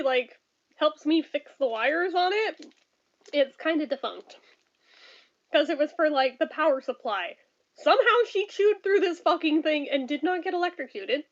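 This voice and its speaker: A woman in her thirties chatting casually on a home stream, blunt and profane, laughing often and ranting. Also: high-pitched. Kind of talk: casual chat reading viewer comments. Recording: dull lo-fi stream audio.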